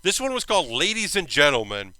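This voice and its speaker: A man's voice: fairly high pitch, huge pitch swings, fairly quick, sharp tone, no room sound, poor audio. A man hosting his own stream, chatting casually and enthusiastically through an anime recap, a little tired and yawning, with rambling fillers. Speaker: streamer and host.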